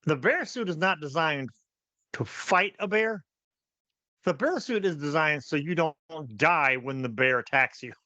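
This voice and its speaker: A man co-hosting a casual talk show, animated, laughing often and repeating words as he thinks. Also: on the high side, measured pace, no room sound, dull audio. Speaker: podcast co-host. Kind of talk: casual chat.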